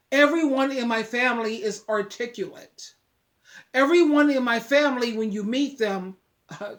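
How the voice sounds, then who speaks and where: A woman giving emphatic, preachy relationship advice straight to her viewers, often repeating words. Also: a little high. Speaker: advice vlogger. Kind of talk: casual talk to camera.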